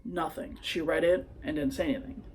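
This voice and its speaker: A man's voice: a little high, fairly even intonation, fairly quick. A young man vlogging into his phone, telling a personal story in a hesitant, rambling way full of fillers. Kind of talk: confessional personal vlog.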